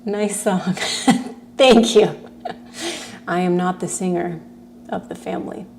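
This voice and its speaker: Woman movement teacher, unhurried and chatty, giggly, faint hum behind. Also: on the low side, steady tone, creaky, darkish tone. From California. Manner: chatty, giggly, greets viewers by name. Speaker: movement class instructor. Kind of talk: casual chat with livestream viewers.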